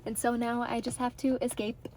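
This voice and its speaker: A woman's voice: on the high side, flat delivery, normal speed, darkish tone, slight background noise, poor audio. A young woman vlogging casually from her car, talking frankly and swearing as she vents. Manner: frank and profane, venting. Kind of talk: casual vlog talk. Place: car, driving.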